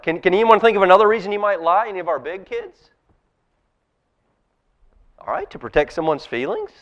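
A man's voice: sits high, fairly bright tone, lo-fi sound. A man, a pastor, giving a children's talk in a church service, telling a story and asking the kids questions. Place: church sanctuary.

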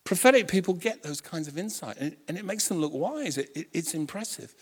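A man preaching a sermon, telling a story with lively acted-out quotes and frequent restarts. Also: on the high side, fairly quick, breathy edge. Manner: animated storytelling, acts out quotes, self-correcting restarts. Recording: long hall reverb.

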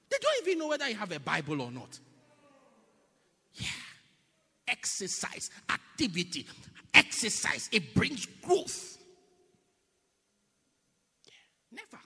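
High, lively preacher in an echoing hall. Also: male voice, measured pace, long pauses, husky. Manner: emphatic, repetitive, mocking impressions. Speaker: pastor. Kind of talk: sermon. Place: church. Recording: long reverb in a large hall.

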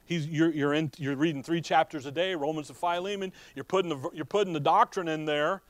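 A man preaching a sermon with lively emphasis, often asking the congregation rhetorical "what?" questions. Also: fairly high pitch, brisk, dry recording. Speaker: pastor.

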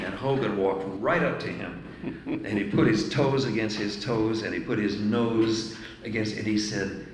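An older man telling an anecdote in conversation, building steadily to a punchline. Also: lowish voice. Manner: measured storyteller building to a punchline. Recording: roomy echo with faint noise.

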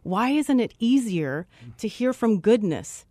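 Expressive woman telling a faith story. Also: measured pace, dry recording, clean studio sound. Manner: expressive, acts out quotes with big pitch jumps. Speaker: guest. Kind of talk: animated personal storytelling.

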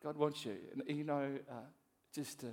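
A middle-aged man from Australia preaching a sermon as a pastor, swinging between soft asides and loud emphasis. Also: fairly high pitch, little pitch movement, moderate pace.

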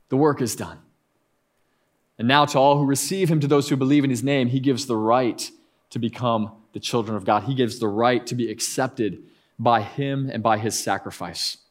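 A man in his thirties, a pastor preaching a conversational sermon with frequent asides and restarts. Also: medium pitch.

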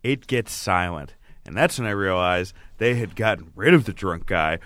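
Man, comedian, bright forceful voice, dry close sound, casual storytelling, lots of swearing. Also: sits low, moderate pace, no room sound. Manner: animated, swears a lot, acts out quotes. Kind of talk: casual podcast chat, storytelling.

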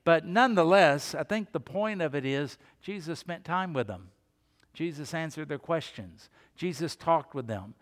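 A man's voice: a little high, lively intonation, normal speed, big-room sound. A male pastor preaching a sermon, building emphasis with rhetorical questions and repeated phrases.

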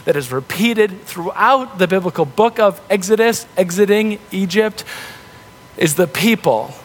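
A man preaching a sermon in a relaxed, conversational way, acting out the voices of the people in the story. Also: high voice, measured pace, breathy edge. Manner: conversational, animated, acts out grumbling voices. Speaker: pastor. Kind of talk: casual sermon.

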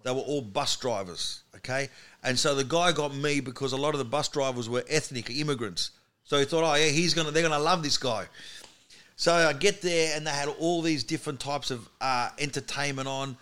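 A comedian telling animated stories as a podcast guest in a studio. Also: male voice, mid-range voice, fairly quick, clean tone. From Australia. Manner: animated anecdote teller. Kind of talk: storytelling in podcast chat.

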